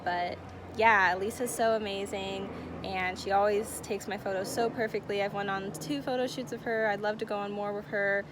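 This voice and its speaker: A woman's voice: medium pitch, fairly even intonation, normal speed, background noise. A young woman telling a personal story-time on her vlog, bubbly and giggly, often saying "like" and "oh my gosh". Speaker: vlogger.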